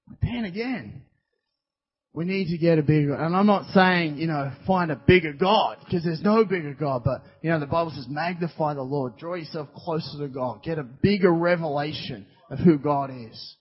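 A man preaching a sermon in a church hall, impassioned, swinging between loud declarations and hushed asides. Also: fairly high pitch, moderate pace, few pauses, breathy edge. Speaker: pastor. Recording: dull recording in a long-reverb hall.

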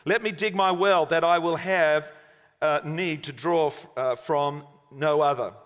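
Preacher playing a stubborn desperate digger. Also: male voice, a little high, a little slow, natural voice. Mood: defiant. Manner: defiant then pleading. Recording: long hall reverb.

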